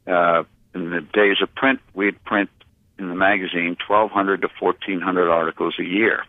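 A man with a very low voice answers interview questions slowly and haltingly, stopping often on filler sounds and restarting his phrases. The sound is thin and phone-like, with no room around it. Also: dry recording. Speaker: interview guest, publisher. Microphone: phone line. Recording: tinny phone line, dry.

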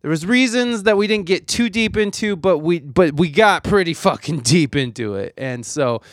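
A man's voice: high-pitched, lively intonation, normal speed, no room sound, studio quality. Rambling, cursing male podcast host. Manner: rambling, profane, self-deprecating. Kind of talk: casual solo chat.

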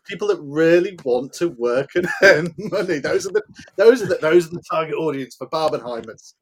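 A man co-hosting a podcast, making quick quips and laughing in casual chat. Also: a little high, expressive, a little hiss or hum. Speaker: podcast co-host.

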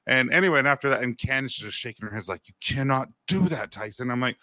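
A man co-hosts a casual podcast, telling lively anecdotes and acting out each person's lines as he goes. His voice is bright and forceful. It is recorded dry and close, with no room sound. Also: medium pitch, fast talker, no room sound. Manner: animated anecdote teller, acts out quotes. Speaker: podcast co-host. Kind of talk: casual chat.

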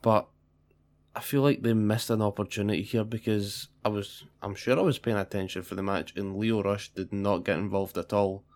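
A man's voice: lowish voice, steady tone, moderate pace, darkish tone. A young man co-hosting a podcast, chatting casually and swearing freely. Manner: profane, chatty banter. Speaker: podcast co-host.

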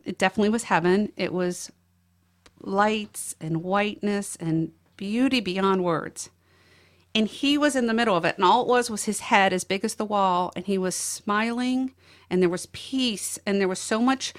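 Middle-aged woman, interview guest, earnest emotional testimony, mid-pitched voice. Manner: earnest, emotional storytelling with restarts.

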